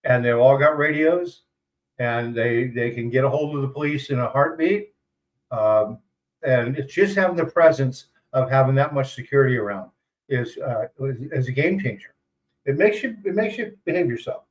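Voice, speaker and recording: A man's voice: mid-range voice, lively intonation, normal speed, dull audio. An older man, a retiree, chatting casually and rambling on a livestream, chuckling often. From United States. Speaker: retiree vlogger.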